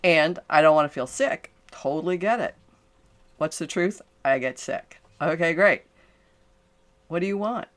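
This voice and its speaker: Older woman coach, earnest and animated. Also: sits low, unhurried, long pauses. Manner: earnest and animated, with frequent restarts and affirming "okay, great". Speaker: transformational coach and podcast host. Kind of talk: solo coaching talk to the camera.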